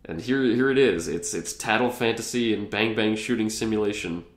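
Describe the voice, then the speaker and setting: A man's voice: fairly low pitch, normal speed, echoey room. A man co-hosting a podcast, rambling through a plot recap in casual chat. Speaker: podcast co-host.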